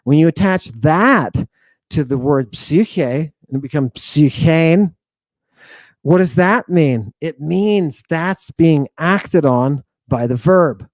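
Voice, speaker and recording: A man teaching ancient Greek grammar in a casual, animated lecture, blunt and talking straight to his viewers. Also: fairly high pitch, slow, dry recording. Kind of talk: casual lecture over slides.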